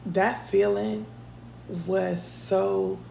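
Woman podcaster, gravelly voice, mellow tone, chatty storytelling, echoey room. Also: mid-range voice, level tone, very slow, slight background noise. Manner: chatty, addresses listeners as y'all. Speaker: podcast host. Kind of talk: casual storytelling. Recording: echoey room with faint ambience.

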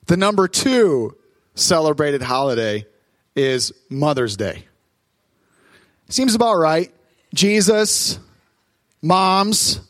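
A man, a pastor in his thirties, preaching a sermon on stage in church, telling family stories in a lively, animated way. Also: a little high, dry recording. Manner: warm storytelling, lively, quick asides.

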